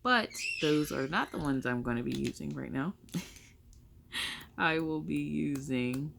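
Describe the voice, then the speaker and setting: A woman's voice: low-pitched, lively intonation, takes it slowly, creaky, fairly bright tone, slight background noise. A young woman chatting casually through her makeup tutorial, rambling and correcting herself as she goes. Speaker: makeup vlogger.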